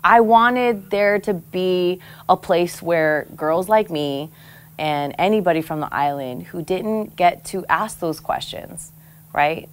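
A woman from American Samoa, a guest in an interview, telling personal stories in a frank, expressive way and laughing often. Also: lowish voice, slow pace, smooth. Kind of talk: candid conversational storytelling.

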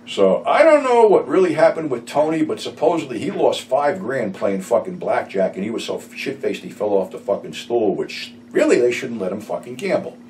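A man's voice: medium pitch, very animated, moderate pace, few pauses, darkish tone. A middle-aged man telling profane, rambling stories from his past in a casual way. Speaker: YouTube storyteller. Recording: slightly distant mic, faint room noise.

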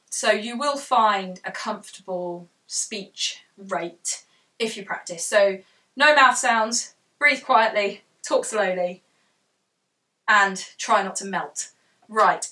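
A young woman with a southern English accent talks fast and cheerfully, laughing at herself as she explains things in a casual home tutorial. Her voice is bright and forward. She sits a bit back from the mic, so the sound is slightly distant. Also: medium pitch. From south of England. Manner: fast, chatty, self-deprecating, laughs often. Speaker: audiobook author giving tutorial. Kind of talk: casual how-to vlog. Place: home room with fabric fort.

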